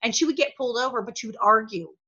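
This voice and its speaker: A woman guest in an interview, telling stories with lots of energy and quick impressions. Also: on the high side, husky, dull audio. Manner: energetic, bursts into impressions and laughs. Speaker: interview guest, former child actress. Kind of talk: animated storytelling.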